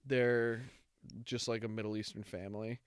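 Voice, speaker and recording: A man's voice: on the low side, little pitch movement, moderate pace, smooth, dry recording, studio quality. A young man co-hosting a casual chat, telling a rambling, heartfelt story with many fillers. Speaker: podcast co-host.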